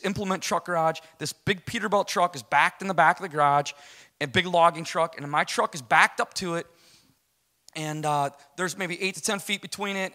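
A man's voice: on the high side, sharp tone. A middle-aged American man giving an emotional personal testimony, storytelling and acting out the dialogue, often checking in with "right?". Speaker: guest speaker giving testimony.

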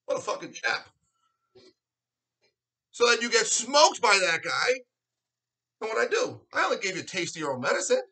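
A man with a high, piercing voice goes on a heated, profane rant to camera. His tone is bright and forceful, full of sarcasm, and he mocks his rival in put-on voices. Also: rough recording. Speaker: arm wrestler vlogging a response.

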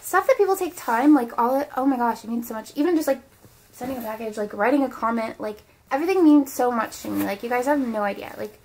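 A young woman with a Midwest American accent, chatting excitedly as she opens fan mail for her vlog and talks to her dolls. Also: a little high, quick pace. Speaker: vlogger opening fan mail. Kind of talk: casual vlog unboxing.

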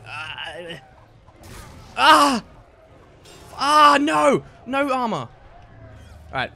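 A young man giving excitable, trash-talking commentary while playing a game, often laughing at his opponents. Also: on the high side, slow, creaky, pauses often. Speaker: gaming YouTuber. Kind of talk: let's play commentary.

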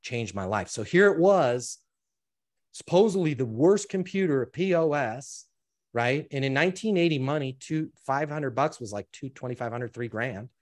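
A man telling a personal story in an interview, with an animated delivery, quoting others and often restarting his sentences. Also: on the high side, moderate pace. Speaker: interview guest. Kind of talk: storytelling in conversation.

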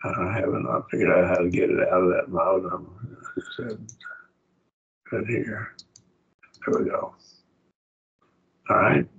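A low, gravelly man with an Oklahoma accent leads a Bible class, his voice rough and very husky. He talks conversationally and keeps putting questions to his students. The classroom recording sounds dull and lo-fi. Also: steady tone, slow, pauses often, fairly bright tone. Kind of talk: teaching a college-level Bible class.

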